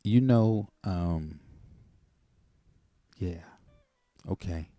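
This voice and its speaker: A man with a low, mellow voice talks through a computer mic on a call-in show. He tells a personal story in a loose, rambling way, jumping up in pitch when he acts out what he said and chuckling along. The sound is dry and close, with no room around it. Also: drawn-out words, no echo, soft background music. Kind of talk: casual testimony on a call-in show.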